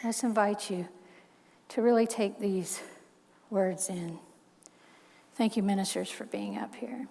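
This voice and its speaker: A woman minister preaching a heartfelt sermon in a soft, measured voice. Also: medium pitch, steady tone, vocal fry, slight background noise. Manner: heartfelt, soft-spoken, slow measured reading. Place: church sanctuary. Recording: long church hall reverb.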